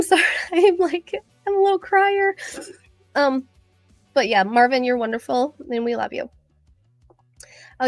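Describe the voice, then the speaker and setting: Middle-aged woman, chatty and rambling, fairly high voice, dry close sound, faint music behind. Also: dry recording. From Michigan. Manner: chatty and excitable, rambling with many fillers. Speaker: cosmetologist hosting a live stream. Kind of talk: casual live-stream chat.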